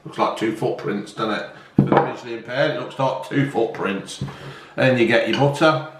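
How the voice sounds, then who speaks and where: Heavy background noise and room echo surround a man with a mid-range voice who chats at a moderate pace. He's hosting a casual home cooking vlog, swearing freely as he talks to viewers.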